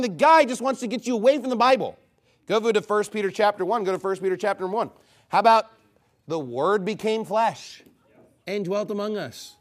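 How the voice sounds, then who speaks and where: A man preaching a heated, combative sermon, scornful of his opponents. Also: high-pitched.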